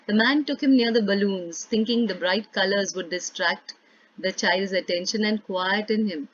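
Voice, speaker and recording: A woman's voice: medium pitch, a little slow, a bit bright. A woman English teacher reading a story aloud expressively, then retelling it in simpler words for her students. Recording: dull lo-fi recording.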